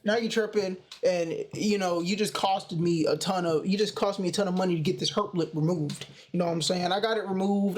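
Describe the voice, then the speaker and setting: A young man casually telling a personal story in a slangy, animated way. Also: sits high. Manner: slangy, animated retelling with "bro" and "you know". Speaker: storytime vlogger.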